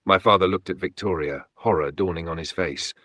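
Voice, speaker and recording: A man giving dramatic scripted first-person narration of a folktale, steady and close to the mic. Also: sits low, a little fast, dry recording.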